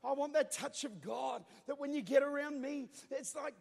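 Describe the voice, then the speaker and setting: A man in his thirties preaches to a congregation in a very high, light voice. He swings from fervent shouted lines to quieter storytelling, calling the crowd to answer back. His voice rings with the long echo of a big church hall. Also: moderate pace, gravelly, few pauses. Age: 30s. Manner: preaching with loud bursts and call-and-response. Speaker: pastor. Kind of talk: Pentecostal sermon. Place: church auditorium.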